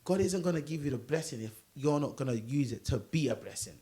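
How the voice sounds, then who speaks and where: A young man, telling a story in a relaxed group podcast chat and acting out his own prayers. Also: mid-range voice, fast talker. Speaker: podcast co-host.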